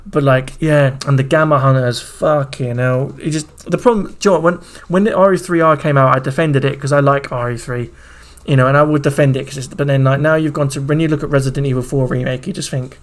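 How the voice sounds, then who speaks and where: A man streaming, reacting excitedly to a game trailer in casual, profanity-laced commentary. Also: medium pitch, fairly quick. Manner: excitable, swears freely, talks over the video.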